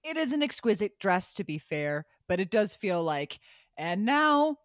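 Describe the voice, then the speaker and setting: A woman's voice: lowish voice, very animated, normal speed, no echo, clean studio sound. A woman co-hosting a podcast, recapping a TV episode in a profane, riffing, casual comedic chat. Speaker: podcast co-host.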